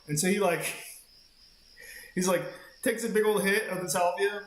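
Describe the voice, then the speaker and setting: A man's voice: high-pitched, moderate pace, long pauses, echoey room. A man streaming a game, telling a long rambling story in casual chat and swearing freely. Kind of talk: casual chat while gaming.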